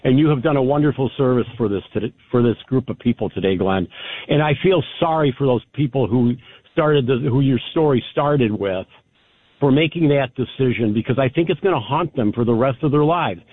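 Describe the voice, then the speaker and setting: A man's voice: mid-range voice, lively intonation, fairly quick, breathy edge. Middle-aged man caller on a tinny phone line. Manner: warm-hearted, grateful, heartfelt. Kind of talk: call-in talk radio. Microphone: telephone.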